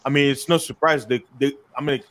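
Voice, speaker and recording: Animated man telling stories in chat. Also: mid-range voice, fairly quick. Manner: animated storyteller, many fillers and restarts. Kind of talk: casual chat.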